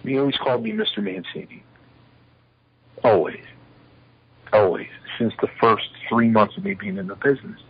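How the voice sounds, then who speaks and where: Husky-voiced man telling wrestling stories. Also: mid-range voice, normal speed, pauses often, no room sound, highs cut off. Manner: lively anecdotes, acting out quoted dialogue. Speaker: retired pro wrestler, interview guest. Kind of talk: shoot interview storytelling.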